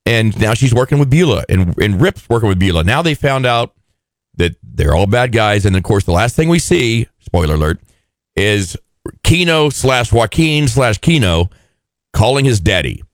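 Animated man ranting about a TV show. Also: normal speed, no echo. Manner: animated, exasperated, mocks characters in high put-on voices. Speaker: podcast co-host. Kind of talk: casual TV recap chat.

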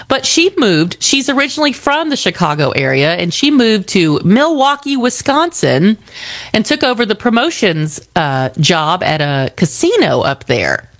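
A woman co-hosting a relaxed talk show, spinning a story with a very lively, swinging pitch. She acts out the quoted lines of the people in it. The sound is dry and close, with no room echo. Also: normal speed. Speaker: co-host. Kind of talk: casual chat.

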